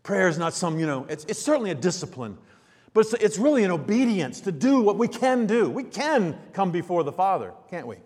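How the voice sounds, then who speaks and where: A middle-aged male pastor preaches with a high voice. His delivery swings from hushed, quiet stretches to loud, emphatic peaks. Long reverb trails each phrase through the church hall. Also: very animated, fairly quick, husky. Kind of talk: sermon.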